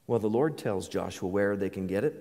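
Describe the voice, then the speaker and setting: A man's voice: lowish voice, brisk, mellow. A male pastor preaching a sermon, earnest and building to emphatic declarations. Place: church sanctuary. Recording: reverberant church hall.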